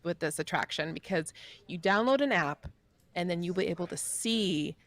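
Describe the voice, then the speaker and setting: A woman reporting on theme parks in a live studio news chat, gushing and excited, often restarting her sentences. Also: fairly low pitch, normal speed. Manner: bubbly, gushing, frequent restarts.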